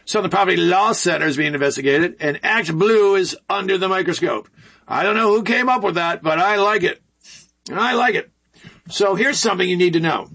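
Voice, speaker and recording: A man's voice: high-pitched, fairly quick, creaky, pushed and bright, breathy edge. A man hosting casual political commentary, folksy and rambling with sarcastic asides.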